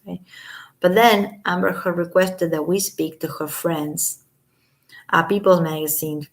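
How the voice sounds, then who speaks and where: A woman's voice: lowish voice, fairly even intonation, measured pace. A woman giving casual commentary as a vlogger, reading statements aloud and breaking off with sarcastic, scoffing asides.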